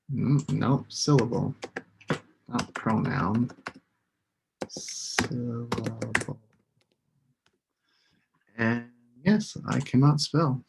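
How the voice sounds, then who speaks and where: Slow, gravelly-voiced male English teacher. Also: medium pitch, noisy background. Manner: slow, patient, models words for repetition. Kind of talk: live online English lesson.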